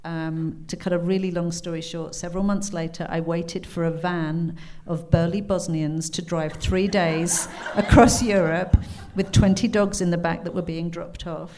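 British woman, 50s, author, lively anecdotes, acts out voices, lowish pitch. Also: moderate pace, hardly any pauses. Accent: British English. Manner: animated, laughing, acts out quotes in character. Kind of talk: anecdotal storytelling at a live book talk.

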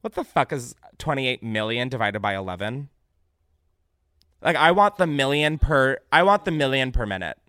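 A man hosting a comedic podcast, reacting loudly to what he reads, swearing freely and laughing often. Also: medium pitch, animated, moderate pace, no room sound, clean studio sound. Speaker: podcast host.

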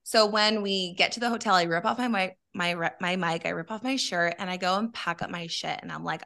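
A woman tells a personal story in a loose, candid way, with plenty of swearing. Her voice is bright and has a gravelly, fried edge to it. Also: on the low side, fairly quick, hardly any pauses. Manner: candid, animated, swears freely. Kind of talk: casual storytelling chat.

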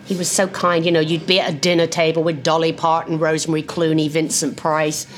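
An older woman from England, telling lively anecdotes and acting out voices over lunch in a restaurant. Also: deep voice, a little fast. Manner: lively storyteller who acts out voices. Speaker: guest. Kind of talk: casual chat.

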